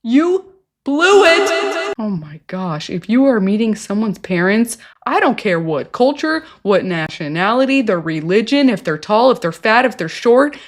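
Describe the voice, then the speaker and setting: Woman, reaction host, sarcastic, casual recap, lively swinging pitch. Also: moderate pace, few pauses. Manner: animated, sarcastic, acts out quotes in voices. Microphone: home recording setup.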